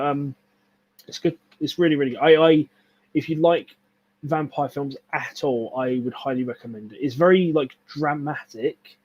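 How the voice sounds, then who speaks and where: A young man talks in loose, rambling casual chat. He swears freely and gets enthusiastic, his voice sitting at a middling pitch. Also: darkish tone, highs cut off. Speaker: stream co-host.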